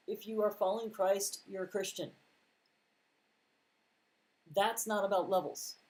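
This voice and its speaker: A man's voice: sits high, darkish tone, low-quality recording. A man reading scripture aloud and commenting on it in a casual, conversational Bible teaching, with mild sarcastic asides. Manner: reads scripture aloud, then comments plainly.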